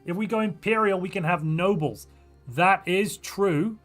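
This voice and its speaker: A man's voice: sits high, a little slow, fairly bright tone. A man casually commentating a strategy game on a livestream, thinking aloud and reacting to viewer chat in a playful way. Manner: playful, muses aloud while weighing options. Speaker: game streamer. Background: faint background music.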